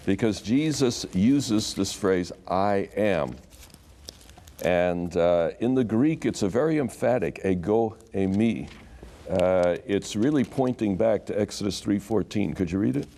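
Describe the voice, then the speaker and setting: A man teaching scripture as a guest on a talk program. His voice sits low and sounds warm and mellow. He tells the stories in an animated way and acts out the quoted lines. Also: a little slow. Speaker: Bible scholar guest. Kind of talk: explanatory teaching in conversation.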